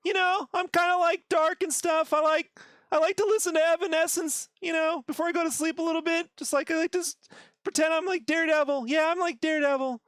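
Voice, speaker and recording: A man voicing a jittery teenage cartoon sidekick who acts like a brooding dark hero, stammering and rambling. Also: extremely high pitch, fairly even intonation, fairly quick, no room sound, clean studio sound, pitched above the performer's own voice. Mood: awkward.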